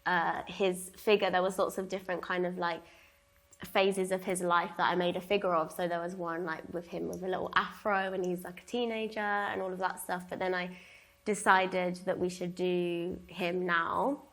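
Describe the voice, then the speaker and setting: A young woman talking about her art before a gallery audience. She is relaxed and chatty, full of "like" fillers and easy laughter. Her voice sits slightly low and sounds bright and forceful. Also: normal speed. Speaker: artist discussing her exhibition. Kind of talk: public gallery conversation.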